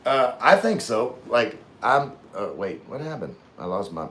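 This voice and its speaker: A man's voice: medium pitch, sing-song, unhurried, fairly bright tone, a little hiss or hum. A man hosting a casual livestream, reading viewer comments aloud and chatting in a rambling way, often losing his train of thought.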